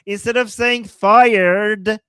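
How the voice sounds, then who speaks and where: A man from Iran co-hosts a casual live stream, often laughing and amused. He speaks slowly, and his voice is close and dry with no room sound. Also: sits high, steady tone, sharp tone, clean tone, no echo. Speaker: co-host.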